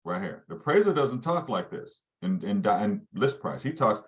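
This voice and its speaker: In a live session for real estate agents, their team leader talks at normal speed with a lowish voice, big pitch swings and hardly any pauses, quizzing listeners as he goes. The highs in the recording are cut off.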